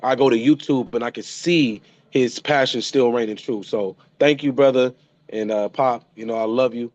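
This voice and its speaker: A man's voice: medium pitch, moderate pace, a little mellow, no echo, highs cut off. Man in his thirties giving an emotional tribute. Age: 30s. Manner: emotional, repeats and restarts phrases. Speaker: son paying tribute. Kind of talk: heartfelt spoken tribute.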